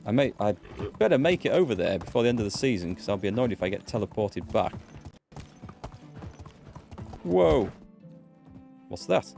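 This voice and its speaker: Chatty British gamer with lively pitch. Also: male voice, brisk, creaky, faint music behind. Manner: chatty, answers chat and laughs easily. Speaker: let's play gamer and streamer. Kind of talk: casual live-stream commentary.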